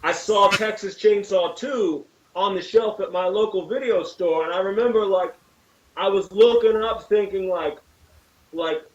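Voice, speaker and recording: A man's voice: high-pitched, normal speed, lo-fi sound. A man talking about a childhood horror memory in casual chat, swearing as he goes. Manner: profane, earnest storytelling. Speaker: guest musician. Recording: roomy call audio from far off.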